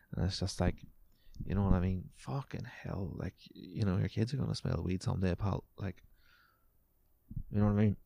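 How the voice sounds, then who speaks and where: A man's voice: low-pitched, normal speed, vocal fry, dark tone, no room sound. A man hosting a casual solo podcast, sweary and sarcastic, his voice wearing out. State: voice going. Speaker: podcast host.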